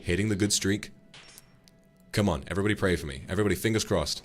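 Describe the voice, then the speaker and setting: A man with a British accent doing live gaming commentary, joking, profane and animated. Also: deep voice, fast, soft background music. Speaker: streamer.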